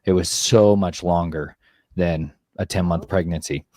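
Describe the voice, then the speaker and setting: A man co-hosting, talking earnestly and reflectively about family life, measured and searching for words. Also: deep voice, steady tone, dark tone, dry recording, clean studio sound. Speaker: co-host sharing family story. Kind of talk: reflective personal talk.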